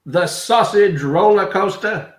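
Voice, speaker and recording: A man's voice: sits high, takes it slowly. A man playing a bumbling, awkward male noir detective in live improv comedy, talking in hard-boiled 1940s slang. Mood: panicked. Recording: echoey, noisy live stream.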